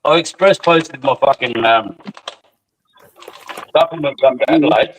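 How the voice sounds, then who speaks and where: Blunt joking Aussie bloke. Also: male voice, medium pitch, unhurried, slight background noise, poor audio. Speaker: guest on call. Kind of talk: casual chat.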